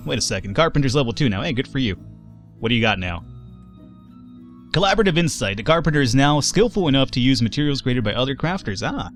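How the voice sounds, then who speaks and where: A man commenting on his gameplay with a lively, swinging voice that leaps up when he yells at his characters. He is profane and excitable. A faint music track runs underneath. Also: mid-range voice. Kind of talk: let's play commentary.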